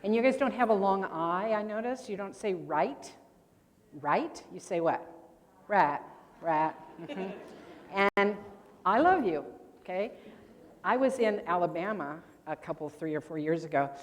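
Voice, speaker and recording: A woman's voice: medium pitch, animated, normal speed. An older woman presenting grammar at a convention workshop, chatty and quizzing her audience with questions. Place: large convention hall. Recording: long hall reverb.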